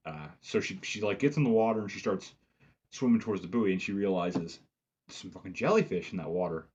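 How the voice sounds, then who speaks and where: A man's voice: low voice, a little fast, darkish tone, husky. A man giving a casual, rambling, profane film review full of "like" fillers, recorded with dull lo-fi sound. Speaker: movie reviewer.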